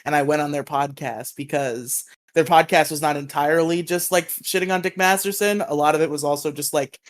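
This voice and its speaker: A man with a slightly raised pitch talks loosely on a podcast, drifting through long stories and poking fun at himself. He laughs easily and trails into asides. The sound comes through a voice chat call. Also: steady tone, a little fast. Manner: rambling, self-deprecating, laughs often. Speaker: podcast co-host. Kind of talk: casual chat.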